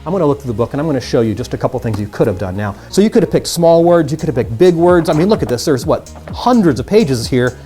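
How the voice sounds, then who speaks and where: A man's voice: a little high, lively intonation, fast talker, few pauses, mellow, soft background music. A man teaching mind reading magic tricks in a casual, upbeat tutorial, chatting straight to the viewers.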